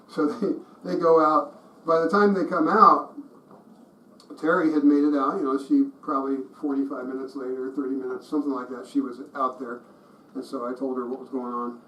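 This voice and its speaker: A man's voice: on the high side, fairly even intonation, moderate pace, fairly bright tone. Middle-aged man telling stories in an echoey room. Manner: conversational and anecdotal, with frequent restarts and chuckles. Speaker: pro-life ministry teacher. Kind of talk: storytelling teaching talk. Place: meeting room with a group. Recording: roomy echo, mic at a distance, faint noise.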